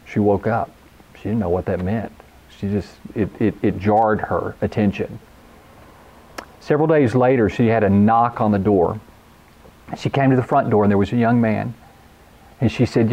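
Earnest male preacher, mellow tone. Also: fairly low pitch, steady tone, moderate pace, long pauses, muffled recording. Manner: earnest preaching, quotes scripture, emphatic repetition. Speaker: pastor. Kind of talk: sermon.

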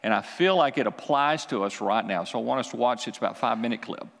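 A man's voice: medium pitch, fast talker, vocal fry, fairly bright tone, in a large hall. A man preaching a sermon, emphatic and repeating key lines for the congregation to say back. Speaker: pastor.

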